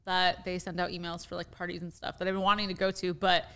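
Brief: woman, quick bright voice, candid casual chat. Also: on the low side, flat delivery, clean tone.

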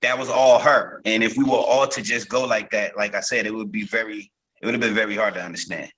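A man's voice: fairly low pitch, steady tone, fairly quick, pushed and bright, husky, low-quality recording. A man from Newark, a guest actor, telling stories in a casual interview, loose and rambling with many fillers and restarts. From Newark, New Jersey.

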